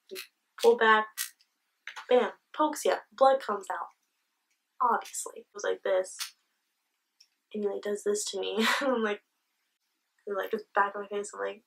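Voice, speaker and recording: A woman's voice: medium pitch, fairly even intonation, unhurried, vocal fry, long pauses, fairly bright tone, distant mic, low-quality recording. Candid young woman vlogger, off-mic. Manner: candid, swears freely, retells the scene with quoted dialogue. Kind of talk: casual storytelling vlog.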